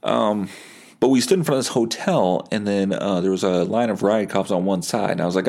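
A man's voice: fairly low pitch, fairly quick, vocal fry. A man hosting a podcast, telling a profane, laughing story from his bed and acting out the people in it. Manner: profane, laughing, animated anecdote with voice impressions. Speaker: podcast host. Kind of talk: casual storytelling.

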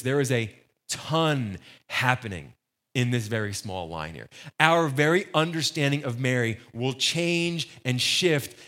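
A man's voice: mid-range voice, fairly bright tone. Conversational man preaching a sermon. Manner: conversational, joking asides. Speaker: pastor.

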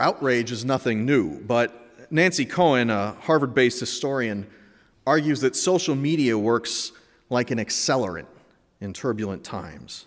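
A man's voice: mid-range voice, fairly bright tone. A man in his thirties telling a personal story with candid, humorous asides. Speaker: speaker. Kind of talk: personal reflective talk. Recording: echoey hall.

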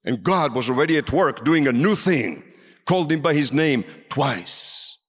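Guy preaching in a big echoey hall, goes from loud to almost whispering, voice all over the place. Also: on the high side, animated, normal speed, breathy edge. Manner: dramatic, swings from loud calls to near whispers. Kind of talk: sermon. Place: large hall with a seated audience. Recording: reverberant hall.

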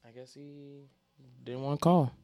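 A man co-hosting a casual podcast, animated and profane, breaking into sing-song quotes as he talks. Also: mid-range voice, unhurried, dull audio. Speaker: podcast co-host. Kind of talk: casual chat.

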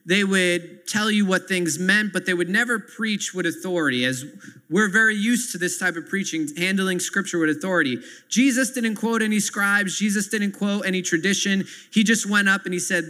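This pastor's voice sits high, bright and forceful, moving at a moderate pace. Preaching in a church sanctuary, he earnestly unpacks scripture and stops to offer his audience asides. A long hall reverb colors the recording.

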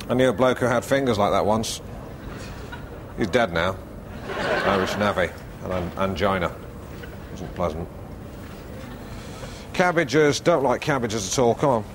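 An actor playing a pompous, self-absorbed middle-aged TV presenter who rambles in dry asides while judging vegetables, in a TV comedy. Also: male voice, lowish voice, lively intonation, noisy background. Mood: deadpan musing. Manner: dry rambling asides, slow musing delivery.

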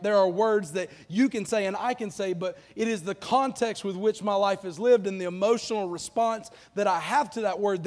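A man preaching a live sermon to a congregation, lively and joking in a casual, down-to-earth way. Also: sits high. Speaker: pastor. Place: church auditorium. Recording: long reverb of a large hall.

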